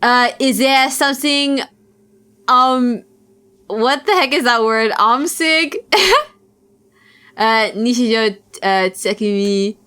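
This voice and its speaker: A woman's voice: fairly high pitch, steady tone, slow, fairly bright tone, clear, resonant tone. A young woman streamer reading a visual novel aloud, with playful, giggly asides to chat.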